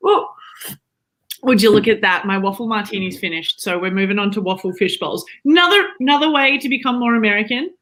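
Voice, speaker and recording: Actress as an wife character, bright and keen, earnest improv banter. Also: female voice, mid-range voice, a little fast, lightly acted. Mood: playful. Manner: earnest, playful, tries on accents. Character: Lester's Australian wife, young adult woman, eager to please. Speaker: comedic co-host character. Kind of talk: improvised comedy sketch.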